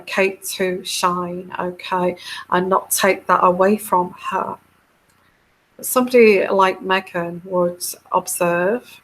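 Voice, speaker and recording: This is a woman tarot reader on a live stream, talking at an unhurried, drawn-out pace. She stays at a middle pitch as she wanders from point to point. She fills the gaps with ums and restarts and answers viewers' comments in an earnest tone. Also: fairly bright tone, low-quality recording. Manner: meandering, many fillers and restarts. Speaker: tarot reader and channel host.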